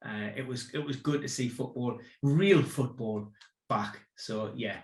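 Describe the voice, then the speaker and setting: A man co-hosting a football podcast, relaxed and rambling with lots of fillers. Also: medium pitch, unhurried, reverberant. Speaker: podcast co-host. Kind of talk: casual football podcast chat.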